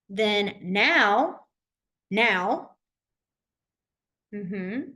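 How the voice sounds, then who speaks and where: A woman's voice: on the high side, animated, measured pace, a bit bright. A woman teaching a sign language class over a video call, patiently walking through signs and often checking in with "okay?". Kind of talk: online class instruction.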